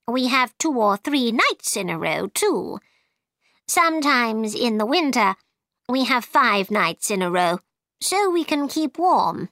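A woman's voice: on the high side, sing-song, slow pace, pushed and bright, no room sound, studio quality, voice pushed up, full character voice. Woman reading as a bossy, boastful queen. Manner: firm, know-it-all.

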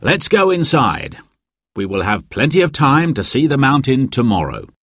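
A kindly, patient dad, voiced by a man reading a storybook, explaining things gently. His voice is slightly raised and lively, and the sound is close and dry. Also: mid-range voice, normal speed, dry recording, voice pushed up. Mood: cheerful. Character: kindly father, patient and encouraging.

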